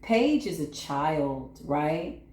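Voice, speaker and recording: A woman with a lowish voice reads tarot cards for her viewers in a soothing, repetitive way. She keeps checking in with a quick "right?". The sound is echoey, as if recorded in a bare room. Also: big pitch swings, a little mellow. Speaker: tarot reader. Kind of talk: channel tarot reading.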